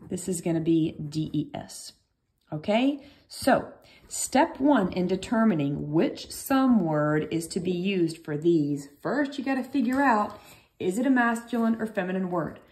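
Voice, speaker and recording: A woman's voice: fairly low pitch, expressive, unhurried, darkish tone. A woman teaching a recorded French lesson, chatty and reassuring, thinking aloud as she explains.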